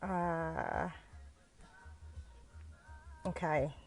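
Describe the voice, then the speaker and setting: A British woman who teaches dance talks into her phone from inside a parked car on a live video, nervous and halting, with frequent restarts. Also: low-pitched, wildly swooping pitch, gravelly, faint music behind. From United Kingdom.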